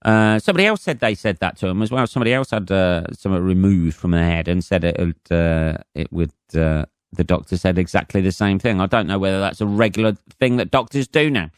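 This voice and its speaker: A man's voice: deep voice, brisk, few pauses, smooth, no echo, clean studio sound. A man in his forties with an English accent, a comedian hosting his own podcast in a rambling, profane monologue full of fillers and restarts.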